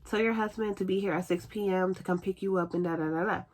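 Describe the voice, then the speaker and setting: Brief: soft, apologetic female nurse, as a woman puts her on, hushed delivery. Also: medium pitch, steady tone, fast talker, lightly acted. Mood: matter-of-fact.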